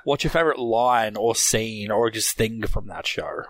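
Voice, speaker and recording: A man chatting casually with a friend, animated and enthusiastic, with filler words and laughs. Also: on the low side, moderate pace, no echo. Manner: animated, enthusiastic fan talk. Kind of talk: casual chat.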